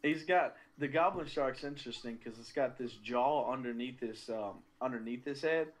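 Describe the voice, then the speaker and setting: A man in a casual podcast chat, telling stories with animated energy and teasing his friend. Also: medium pitch, moderate pace.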